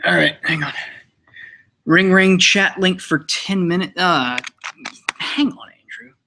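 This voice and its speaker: A man's voice: sits high, slow, gravelly, bright, forceful tone. A young man hosting a live stream, chatting casually, rambling, swearing and laughing while he sets up. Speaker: stream host.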